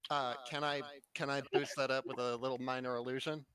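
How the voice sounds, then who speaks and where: A man playing a tabletop game, describing his character's actions in a quiet, laid-back way. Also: medium pitch, little pitch movement, a little fast, smooth. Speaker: player. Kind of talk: casual tabletop play.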